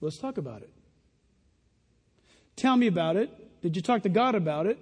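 A man preaching a sermon as a pastor, in an animated style that mocks other voices in put-on quotes. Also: high-pitched, moderate pace, husky. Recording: long reverb of a large hall.

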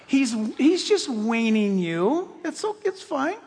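A man preaching a sermon to his church, animated, swinging between loud exclamations and hushed, nearly whispered passages. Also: extremely high pitch, unhurried, few pauses. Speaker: pastor. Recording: long hall reverb.

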